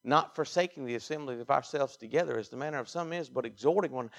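Mississippi preacher delivering an emphatic sermon. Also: male voice, mid-range voice, animated, fast, few pauses. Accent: Southern US, Mississippi. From Mississippi, USA. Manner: emphatic preaching, swinging from quiet asides to loud exhortation. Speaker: pastor.

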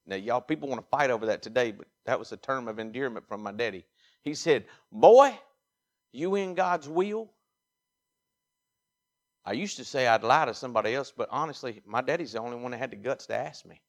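A man with a Mississippi drawl preaches from the pulpit. His voice sits at an ordinary middle pitch, and he moves between hushed asides and forceful, rising exhortation. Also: quick pace. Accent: Southern US, Mississippi. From Mississippi, USA. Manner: emphatic preaching, swinging from quiet asides to loud exhortation. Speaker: pastor. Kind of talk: sermon.

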